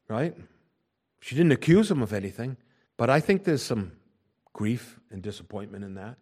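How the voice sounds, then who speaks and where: A middle-aged man preaching a sermon, swinging from hushed asides to loud emphatic lines. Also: fairly high pitch, animated, moderate pace. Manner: dynamic preaching with wide swings in volume, from near-whispers to loud emphasis.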